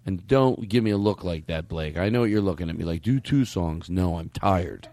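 A man's voice: low-pitched, normal speed, warm tone. A man co-hosting a comedy podcast, bantering wryly while wrapping up the show. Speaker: podcast co-host.

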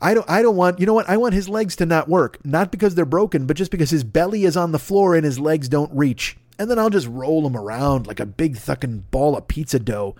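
A man's voice: a little high, a little fast, few pauses, a little mellow, no echo, studio quality. A man hosting a comedy podcast, riffing through a profane, rambling monologue and sliding into silly voices. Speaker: podcast host.

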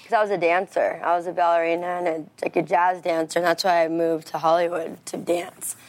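A woman's voice: on the low side, little pitch movement, brisk. A woman talk show guest chatting casually, laughing as she talks, with lots of "like" and "you know". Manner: chatty, laughing, filler-heavy. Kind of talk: casual chat.

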